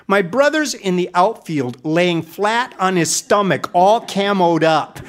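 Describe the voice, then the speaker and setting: A man's voice: sits high, animated, slow pace. A middle-aged man telling a comic story in a grand, mock-epic manner. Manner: mock-epic, dramatic delivery.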